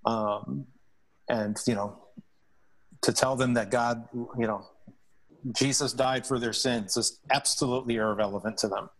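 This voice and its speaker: A man's voice: medium pitch, measured pace, long pauses. A man, a hockey chaplain, telling stories earnestly in a podcast interview, often restarting his sentences. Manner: earnest, animated storytelling with restarts.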